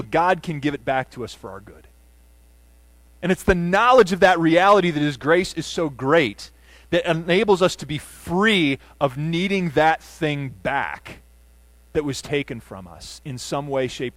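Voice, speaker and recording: A man preaching a sermon as pastor, earnest, building to emphatic runs and dropping to soft, low endings. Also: dry recording. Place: church sanctuary.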